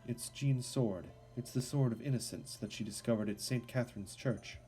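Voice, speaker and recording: A man's voice: mid-range voice, normal speed, dark tone, soft background music, natural voice, poor audio. A man reading an earnest questing knight. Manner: plain reading, tries a French accent then drops it.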